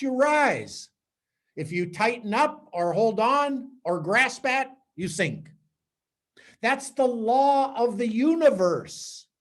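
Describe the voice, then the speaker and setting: Male priest, fairly high voice, lively storytelling preacher who stumbles and repeats words. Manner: animated storytelling with acted-out quotes and sound effects; repeats words and restarts mid-sentence. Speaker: priest giving a talk. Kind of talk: spiritual teaching talk.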